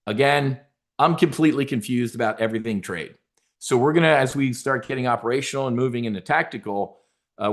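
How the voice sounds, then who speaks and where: A man hosting a trading show, talking in a rambling, casual way with many repeated words and asides to his viewers. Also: medium pitch. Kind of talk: casual market commentary.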